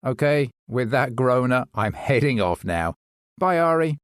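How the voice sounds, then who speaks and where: A man's voice: medium pitch, very animated, measured pace, clear, resonant tone, dry recording, clean studio sound. A man who hosts a poetry podcast, chatting as a guest in an upbeat, friendly way. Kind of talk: scripted podcast chat.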